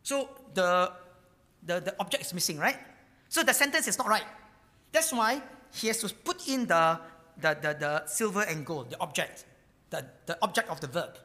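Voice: medium pitch, animated, normal speed, bright, forceful tone, in a large hall. A pastor preaching a sermon, emphatic and repetitive, stumbling over words with frequent fillers. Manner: emphatic, repeats key words.

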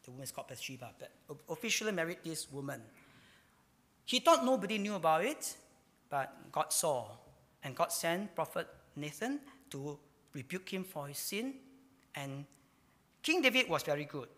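A man preaching a sermon, swinging between loud emphatic lines and hushed ones. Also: on the high side, sing-song, moderate pace, long pauses. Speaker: pastor. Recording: hall reverb.

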